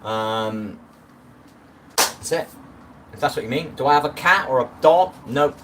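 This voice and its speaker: A man's voice: medium pitch, expressive, unhurried, noisy background. Rambling man on a distant phone mic. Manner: rambling, greets viewers by name, chatty asides. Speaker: livestream host. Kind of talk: casual live-stream chat.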